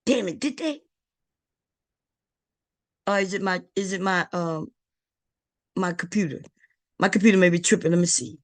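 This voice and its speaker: A middle-aged woman hosting a casual livestream, loud and joking, swearing freely and talking straight to her chat. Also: lowish voice, normal speed, pauses often, no echo. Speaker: livestream host.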